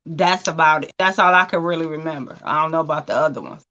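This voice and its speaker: Animated woman hosting a lo-fi livestream. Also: low-pitched, quick pace. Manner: animated, laughing, colloquial. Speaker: host. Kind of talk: casual livestream chat. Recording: muffled lo-fi stream audio.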